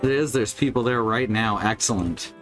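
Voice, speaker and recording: A man's voice: fairly low pitch, moderate pace. Guy streaming a game, rambling and swearing, wry jokes, faint music behind. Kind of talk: casual gameplay chat.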